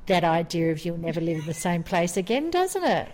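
A woman's voice: lowish voice, very animated, brisk, darkish tone. A woman in her forties with an Australian accent, co-hosting a podcast and telling a story in a rambling, chatty way with frequent laughs. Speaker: podcast co-host. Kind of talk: casual storytelling chat.

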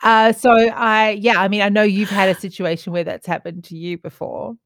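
A woman's voice: mid-range voice, little pitch movement, normal speed, a bit bright, no room sound, clean studio sound. A woman hosting a podcast, telling a story in casual chat with many fillers. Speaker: podcast host.

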